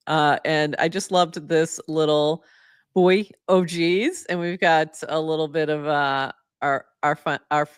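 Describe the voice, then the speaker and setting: Woman, low voice, dry close sound, playful casual podcast chatter. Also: no echo. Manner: chatty, playful, quick to laugh. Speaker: podcast co-host. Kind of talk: casual chat.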